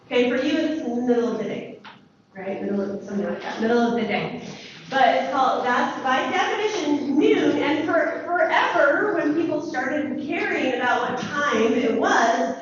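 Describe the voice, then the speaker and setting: A woman teaching a lively classroom lesson, asking the students questions and praising their answers. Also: sits high, moderate pace, slight background noise. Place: school classroom. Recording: echoey classroom from far off, dull.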